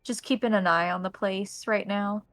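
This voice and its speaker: An American woman narrating as game master, describing scenes in a steady, detailed way. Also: medium pitch, moderate pace, dry recording, poor audio.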